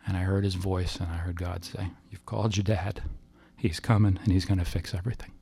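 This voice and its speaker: A man with a low, gravelly voice tells a personal story in the manner of a testimony. His delivery is halting and emotional, full of restarts as he works through what happened. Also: little pitch movement, warm tone.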